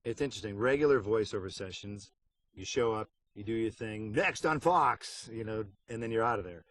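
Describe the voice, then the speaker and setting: A man's voice: lowish voice, steady tone, fairly quick, slight background noise. A middle-aged man in a casual behind-the-scenes interview, talking wryly and joking about voice work. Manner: wry, joking, puts on silly voices for anecdotes. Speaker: voice actor interviewed about a game.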